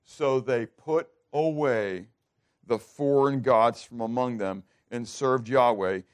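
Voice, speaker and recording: A man's voice: mid-range voice, slow pace. Man preaching with questions to listeners. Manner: asks the congregation questions and acts out quoted prayers. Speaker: pastor. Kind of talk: sermon.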